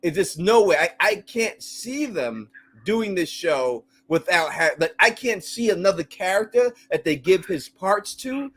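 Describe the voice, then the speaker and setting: A man hosting a casual call-in live stream, animated and crude, laughing often and using lots of slang. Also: sits high, a little slow, slightly rough.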